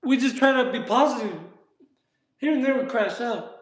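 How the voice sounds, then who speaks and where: A man with a very high-pitched voice chats casually in street slang at normal speed while working out on a live stream and answering his chat. The room is echoey.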